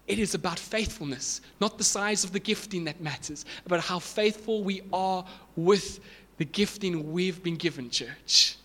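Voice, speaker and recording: A man's voice: on the high side, moderate pace, a bit bright. A male pastor preaching a sermon to his congregation, emphatic, building to raised repeated lines.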